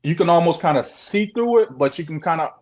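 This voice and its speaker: Man excitedly retelling a strange sighting. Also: fairly high pitch, brisk. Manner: profane, repetitive, animated retelling. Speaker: guest sharing a sighting. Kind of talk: casual storytelling.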